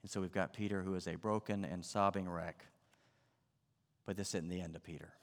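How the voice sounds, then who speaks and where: Low-voiced preacher in a reverberant hall. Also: male voice, fairly even intonation, brisk. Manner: dramatic, acts out the voices of the story. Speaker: pastor. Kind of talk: sermon.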